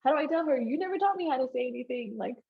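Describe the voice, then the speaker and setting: Woman telling her testimony to a crowd, kinda husky, dull lo-fi sound. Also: sits high, lively intonation, rapid-fire. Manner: conversational storytelling, often asks "right?". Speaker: speaker sharing a personal testimony. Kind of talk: personal testimony talk to a live audience. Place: live event in front of an audience. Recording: dull, lo-fi live event recording.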